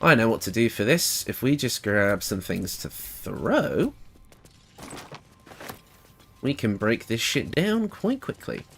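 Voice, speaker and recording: A man's voice: medium pitch, very animated, slow, creaky, pauses often, slight background noise. A man with a British accent chatting casually while streaming a game, thinking aloud and laughing often. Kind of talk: casual gameplay livestream commentary.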